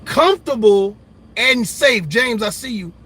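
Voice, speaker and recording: A man rants on a livestream, preachy and repeating phrases for emphasis. His voice sits high and bright with a husky edge. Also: animated, measured pace. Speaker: commentary host. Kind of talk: livestream commentary rant.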